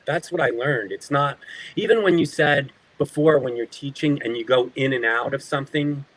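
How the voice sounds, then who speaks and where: In a poorly recorded clip, a male actor appears as a guest, swapping lively stories in casual conversation. His voice sits in the mid range at a moderate pace, and he often laughs while acting out quoted lines.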